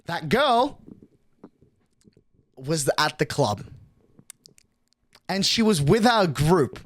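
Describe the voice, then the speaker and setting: Animated swearing male streamer. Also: on the high side, drawn-out words, no echo. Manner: rambling, filler-heavy, swears freely. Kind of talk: casual storytelling on stream.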